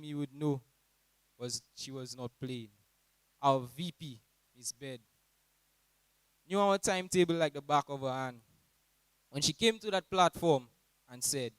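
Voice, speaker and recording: A young man in his late teens with a Saint Lucian accent, giving an animated, humorous graduation speech about his teachers. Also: unhurried, long pauses, clear, resonant tone, dry recording, poor audio. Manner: animated, mimics teachers in high voices.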